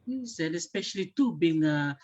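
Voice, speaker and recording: A woman's voice: on the low side, animated, normal speed, a little mellow. A woman interview host asking thoughtful, hesitant questions. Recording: dull lo-fi sound.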